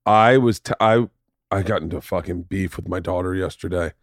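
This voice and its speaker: A man's voice: sits low, a little fast, no echo, clean studio sound. A man hosting a podcast, telling long rambling stories in casual chat and swearing freely. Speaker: podcast host.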